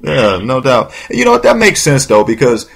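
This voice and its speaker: A man's voice: medium pitch, sing-song, moderate pace, creaky, very noisy. A man hosting an interview show, talking casually with rambling restarts and repeated words. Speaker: talk show host.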